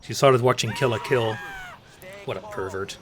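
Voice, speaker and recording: A man's voice: mid-range voice, moderate pace, noisy background. Young man, rambling live-stream chatter, faint game sounds behind. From Netherlands. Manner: rambling, chatty, many fillers and restarts. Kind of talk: casual live-stream gaming chat.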